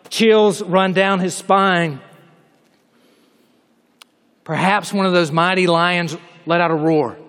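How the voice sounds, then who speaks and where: A man preaching a sermon, telling a story dramatically and swinging between loud passages and hushed asides. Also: high voice, in a large hall.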